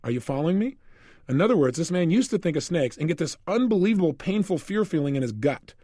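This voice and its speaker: A man's voice: fairly high pitch, lively intonation, fast, warm tone, slightly rough, no room sound, clean studio sound. A man coaching listeners in a recorded motivational lecture, telling a story with lots of energy and laughing often. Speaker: self-help coach.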